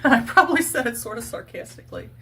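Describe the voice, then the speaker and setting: A woman's voice: on the high side, huge pitch swings, fast, bright, forceful tone, a little hiss or hum. A woman in her sixties talking casually and earnestly at home to her camera, laughing now and then as she chats. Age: 60s. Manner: chatty, earnest, laughs often. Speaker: vlogger. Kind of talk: casual makeup chat and testimony.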